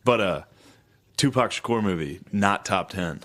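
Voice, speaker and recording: A man's voice: low-pitched, animated, measured pace, fairly bright tone. A man co-hosting a casual podcast, talking bluntly with dry, swearing quips. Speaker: podcast co-host.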